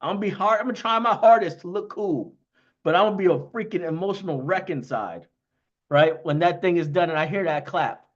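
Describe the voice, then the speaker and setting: Male streamer host, casual and excitable, talks in bursts; slightly high voice, lo-fi stream audio. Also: fairly quick. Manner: excitable, talks in bursts with frequent "you know what I mean". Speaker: livestream host thanking investors. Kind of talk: casual livestream chat.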